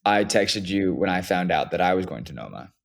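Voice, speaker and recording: Young man, low voice, animated storytelling. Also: fairly quick, gravelly. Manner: animated storyteller, acts out quotes. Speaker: podcast co-host. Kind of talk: casual podcast conversation.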